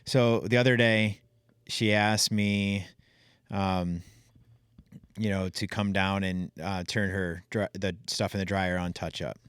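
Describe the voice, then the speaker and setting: A man in his thirties hosting a podcast, chatting casually and telling family stories in a relaxed, anecdotal way. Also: low-pitched, slow, clean tone, no room sound, studio quality. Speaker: podcast host. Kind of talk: casual conversational chat.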